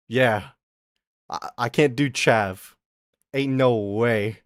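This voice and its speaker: A man's voice: mid-range voice, very slow, long pauses, dry recording, studio quality. A man chatting casually on a live stream, rambling playfully and talking to his chat.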